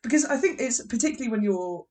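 A woman's voice: a little high, quick pace, far from the mic. An English woman co-hosting a podcast, chatting casually and laughing often. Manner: giggly, animated, laughs often. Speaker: podcast co-host. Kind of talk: casual chat.

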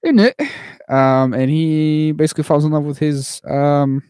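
A man's voice: flat delivery, moderate pace, warm tone, clear, resonant tone, no echo. Rambling man recapping a film, dry mic. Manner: rambling recaps with fillers, jumps into mocking high put-on voices. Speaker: podcast co-host. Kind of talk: casual chat.

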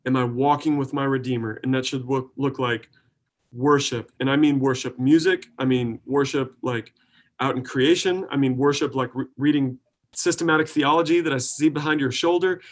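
A young adult man, a pastor, talking earnestly in a relaxed preaching way, full of likes and restarts. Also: mid-range voice, normal speed. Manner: earnest, filler-heavy, with many likes and restarts. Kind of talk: casual preaching in conversation.

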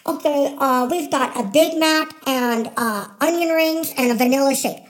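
A man voicing a flustered fast-food drive-through worker who hesitates and mishears orders. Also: extremely high pitch, pitched above the performer's own voice. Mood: confused.

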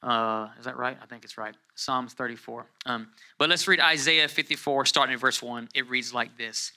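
Bright-voiced man preaching a sermon. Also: mid-range voice, moderate pace. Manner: conversational preaching, rises to loud emphatic scripture reading; calls on the congregation to repeat words. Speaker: pastor.

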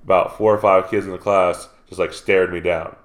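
A man's voice: sits low, moderate pace. A man who teaches geography, chatting casually on a podcast and acting out what people said. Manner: animated retelling with quoted dialogue. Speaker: podcast co-host. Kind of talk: casual storytelling chat. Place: South Carolina.

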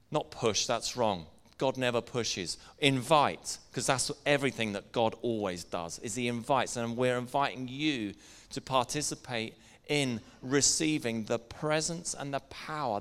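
A man preaching a sermon in a church hall, with a smooth, resonant voice at a middle pitch. He is earnest, slows down to lean on key words, and turns to the congregation with questions. The long reverb of the room trails after his lines. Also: fairly bright tone.

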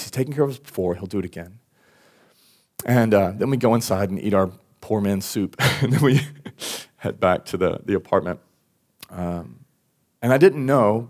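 A man's voice: medium pitch, a little mellow. A young man, telling a personal story in a church sermon, talking casually with many "like"s and "um"s and an occasional sigh. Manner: conversational, frequent "like" and "um", sighs. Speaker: worship pastor. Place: church service.

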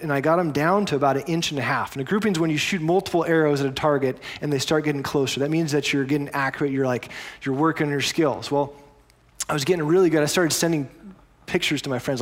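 A man's voice: fairly high pitch, fast. A man preaching a sermon as pastor, telling stories in a conversational way with explanatory asides.

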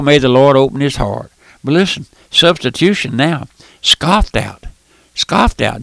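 An older man preaching a fervent radio sermon in a folksy, impassioned way, swinging from loud outbursts to hushed appeals. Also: mid-range voice, animated, normal speed, creaky, dry recording. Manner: impassioned, folksy, calls out "my friend", surges loud then drops soft.

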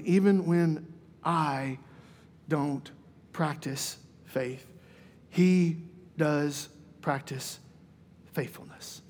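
High-voiced preacher in a reverberant hall. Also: male voice, a little slow. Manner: swings between soft hushed passages and lively, raised mock dialogue. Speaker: pastor. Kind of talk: sermon. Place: church sanctuary. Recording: long reverb of a church hall.

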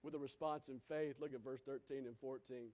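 A man preaching a sermon, swinging from loud exclamations to hushed, quiet lines. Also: mid-range voice, fairly even intonation, fairly quick.

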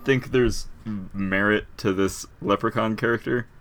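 A man's voice: lowish voice, steady tone, measured pace, a bit bright. A man co-hosting a podcast, chatting casually about tabletop game characters, rambling with lots of fillers and laughs. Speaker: podcast co-host.

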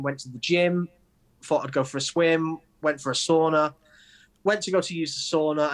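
A man in his forties with an English accent, a poet answering interview questions in a halting, earnest way with many restarts. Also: a little high, fairly bright tone. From England. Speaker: guest, poet. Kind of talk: conversational interview.

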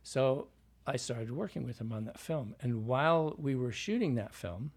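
A Midwestern man from Iowa talks through his stories as a dialect coach, and his voice has a husky grain at a mid pitch. He slips into the voices of the people he quotes. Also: moderate pace. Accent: Midwestern American. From Iowa, USA. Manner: animated anecdotes, acting out quoted voices. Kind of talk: storytelling interview.

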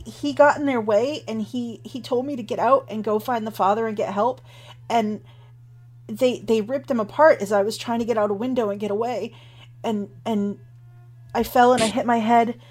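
A man's voice: very high voice, pitched above the performer's own voice. A woman voicing a frightened young male temple acolyte who stammers in a shaky voice. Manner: stammering, panicked rush of words.

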